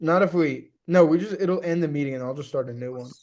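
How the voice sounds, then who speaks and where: A man's voice: on the high side, fast talker, a little mellow. A young man co-hosting a podcast, chatting casually about a movie, rambling with many restarts and slipping into mock voices for quotes. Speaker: podcast co-host. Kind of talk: casual movie review chat.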